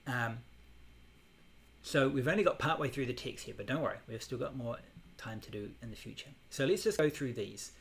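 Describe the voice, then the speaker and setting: A man teaching a Buddhist meditation class, explaining in a relaxed way with many fillers. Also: medium pitch, normal speed, creaky, slight background noise.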